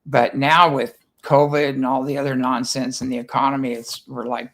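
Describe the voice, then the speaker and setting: A man from the United States talks casually as a guest, in a voice of ordinary middle pitch. He wanders through anecdotes, restarting phrases and slipping into the voices of people he quotes. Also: flat delivery, normal speed, a bit bright. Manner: rambling, repeats words and acts out quotes. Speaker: guest, ranch founder. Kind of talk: casual chat, anecdotal storytelling.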